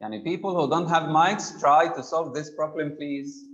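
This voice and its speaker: A man's voice: fairly high pitch, normal speed, fairly bright tone. Male teacher, online class, patient, calls on students, slightly dull computer-mic sound. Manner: patient, prompting students by name.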